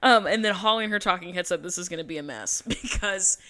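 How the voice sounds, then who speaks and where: A woman's voice: lowish voice, fast talker, sharp tone. A woman co-hosting a podcast, recapping a reality show in casual chat and quoting people in mocking voices. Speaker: podcast co-host.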